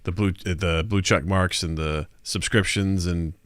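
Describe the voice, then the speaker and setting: A man's voice: deep voice, steady tone, a little slow, fairly bright tone, no room sound, clean studio sound. A man from Missouri, hosting a podcast in loose, rambling, jokey chat full of filler words. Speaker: podcast host.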